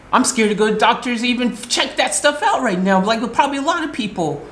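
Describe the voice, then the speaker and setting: A woman's voice: on the high side, expressive, moderate pace, fairly bright tone. An American woman vlogging, telling an upsetting story in an agitated, emotional way and acting out her own replies. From United States. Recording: roomy echo.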